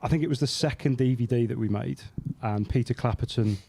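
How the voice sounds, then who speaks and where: A man from England telling a long anecdote on a podcast in an easy, chatty way. His voice sits at a middling pitch. He animates the story by putting on the voices of the people in it. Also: brisk, gravelly, dark tone, husky. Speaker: podcast host. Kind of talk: casual storytelling chat.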